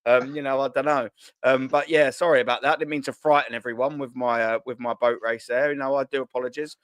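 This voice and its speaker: A man's voice: medium pitch, steady tone, fast talker, no room sound. A man hosting a casual football chat stream, rambling and cheeky, swearing freely. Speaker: host.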